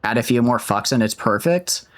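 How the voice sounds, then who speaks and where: A man's voice: medium pitch, lively intonation, moderate pace. Twenties guy streaming a game, chatty and all over the place, voice jumps up and down a lot. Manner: rambling, self-mocking, chatting with viewers. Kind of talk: casual gaming stream chat.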